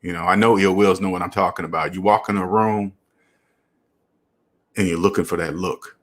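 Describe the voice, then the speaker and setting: Earnest low-voiced man reading chat live. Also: moderate pace, long pauses. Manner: earnest, preachy, animated. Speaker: channel host. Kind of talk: casual live-stream commentary reading chat.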